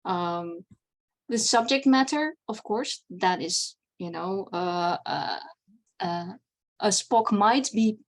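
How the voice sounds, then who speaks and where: A woman's voice: medium pitch, slow pace. Chatty woman presenting a panel. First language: not English. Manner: chatty, many fillers and restarts. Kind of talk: convention panel talk on fan fiction writing.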